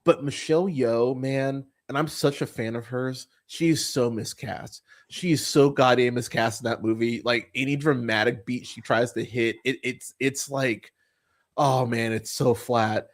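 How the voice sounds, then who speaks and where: A male podcast host talks in a mid-range voice with fairly even intonation. It's a casual, wandering conversation where he curses freely and keeps halting on fillers and restarts.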